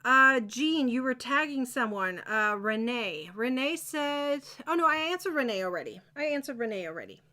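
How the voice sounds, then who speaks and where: Woman with a slightly high voice doing a live crochet lesson, chatty, encouraging, keeps checking on everyone. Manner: chatty, encouraging, excitable, asks viewers if they follow. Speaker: crochet teacher. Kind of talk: live crochet-along tutorial.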